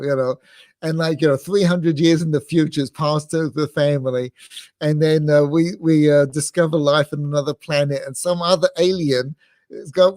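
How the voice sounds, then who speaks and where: A man's voice: fairly high pitch, steady tone, moderate pace, darkish tone, dry recording, studio quality. A middle-aged man from England, a rabbi giving a rambling lecture, full of restarts and fillers, amused by his own asides. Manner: digressive, many restarts and fillers, self-amused.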